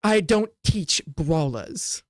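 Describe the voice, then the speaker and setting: A game master voicing a stern, condescending older male dueling instructor in a tabletop game, speaking slowly and formally in clipped phrases, recorded close and dry. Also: medium pitch, animated, dry recording.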